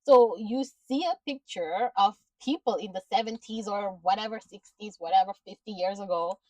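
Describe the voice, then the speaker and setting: A woman's voice: mid-range voice, normal speed, darkish tone, dry recording, recorded from a distance, rough recording. A woman giving a casual recap of a TV episode, ranting in exasperation with frequent swearing and laughter. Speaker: show reviewer.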